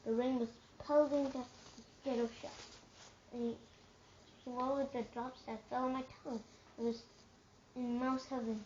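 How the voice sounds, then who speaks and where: A woman reading a children's book aloud in a lively way, shouting the dialogue and going soft for quiet narration. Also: on the high side, unhurried, pauses often, lo-fi sound, a little hiss or hum.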